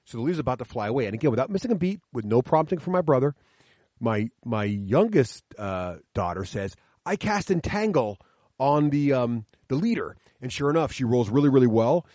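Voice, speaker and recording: A middle-aged man talks enthusiastically about running tabletop games for his children, walking through the rules one step at a time. His delivery is quick, with lively swings in pitch. The sound is dry and close. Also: no room sound. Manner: enthusiastic, explains rules step by step, acts out players' lines. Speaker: podcast guest explaining his tabletop games with kids. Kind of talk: animated storytelling chat. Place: coffee shop, sit-down chat.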